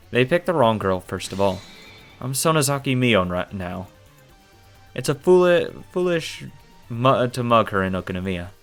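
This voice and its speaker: A man's voice: medium pitch, fairly bright tone. A man reading a visual novel aloud in the first person, with casual asides full of swearing. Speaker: game reader.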